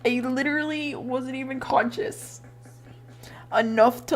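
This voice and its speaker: Lively, rambling, profane young woman streamer. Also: mid-range voice, a little slow, pauses often, slightly rough, soft background music. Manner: rambling, profane, laughing often. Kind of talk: casual chat while drawing.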